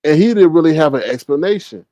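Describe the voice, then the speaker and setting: A man hosting casual gossip commentary, animated and mocking, often mimicking others with big jumps in his voice. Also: on the high side, quick pace, no echo. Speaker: commentary channel host.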